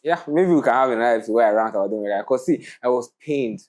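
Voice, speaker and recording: A man's voice: medium pitch, animated, racing, a little mellow. Young man, podcast co-host, opinionated ranting, frequent laughter, casual studio chat.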